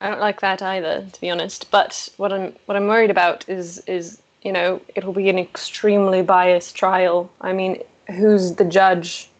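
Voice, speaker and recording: A woman's voice: medium pitch, level tone, moderate pace, hardly any pauses, low-quality recording. A woman playing a tabletop game, talking hesitantly and thinking aloud in character. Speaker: player. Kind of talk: casual role-play chat.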